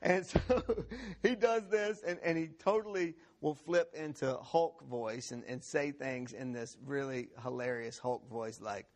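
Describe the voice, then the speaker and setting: Gravelly-voiced man preaching a sermon. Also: a little high. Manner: animated, laughing storyteller with many restarts. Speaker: pastor. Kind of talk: sermon with a funny opening story. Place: church.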